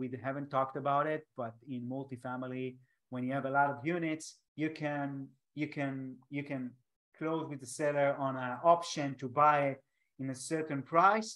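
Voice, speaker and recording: A man with an Israeli accent, a native Hebrew speaker, hosting a casual interview over a video call, speaking haltingly with frequent restarts and non-native grammar. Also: medium pitch, a bit bright. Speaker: podcast host.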